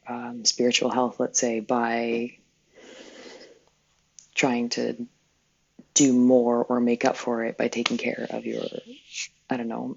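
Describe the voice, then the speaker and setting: This is a woman leading a live spiritual healing session in loose, rambling chat. She backtracks and laughs softly at herself as she goes. Her voice is husky and breathy, and the livestream sound is muffled and lo-fi. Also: very deep voice. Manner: rambling, self-correcting, chuckles often. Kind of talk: casual livestream talk.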